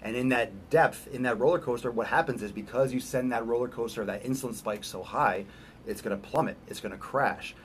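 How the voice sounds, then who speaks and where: A man's voice: mid-range voice, slight background noise. A man coaching on fitness in a casual, emphatic talk, repeating his points and asking the listener questions. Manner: emphatic, repeats phrases, acts out quick voices.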